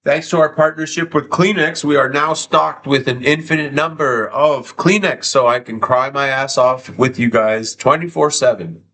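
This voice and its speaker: A man's voice: mid-range voice, normal speed, hardly any pauses, sharp tone. A man live streaming from home, tearful and sniffly, talking emotionally and repeating himself, with frequent swearing. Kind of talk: casual live stream chat.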